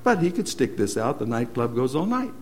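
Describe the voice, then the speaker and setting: Guy preaching a sermon, earnest storyteller, lines trail off soft. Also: medium pitch, very animated, fairly quick.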